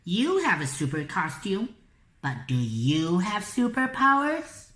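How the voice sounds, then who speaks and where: A woman doing a squeaky little dumpling kid. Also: wildly swooping pitch, takes it slowly, fairly bright tone, full character voice. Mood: eager. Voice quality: high squeaky voice. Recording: echoey room.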